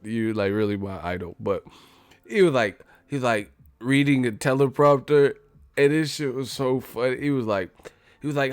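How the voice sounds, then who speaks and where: A man's voice: mid-range voice, normal speed, clean tone, dry recording. Profane, joking male streamer. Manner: profane, joking, laughs often. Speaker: boxing streamer. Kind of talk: casual live-stream chat.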